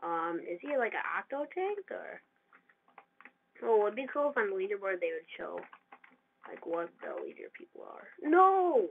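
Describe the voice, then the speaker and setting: A gamer giving casual, excitable commentary over their own gameplay and trash-talking opponents. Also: medium pitch, normal speed, gravelly, long pauses. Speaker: gamer narrating own play. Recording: tinny lo-fi mic with faint hiss.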